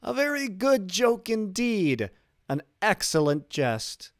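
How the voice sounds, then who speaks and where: A trapped nobleman, voiced by a male reader, in a high, shrill, loud voice, cackling with forced merriment that cracks into panic. It sounds close and dry, as in a small treated room, with the words of a spoken classic story. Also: very animated, slow pace, no room sound, full character voice. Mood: manic laughter. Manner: frantic forced cheer breaking into desperation. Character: walled-in nobleman, laughing wildly then pleading. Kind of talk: dramatic reading of a classic story.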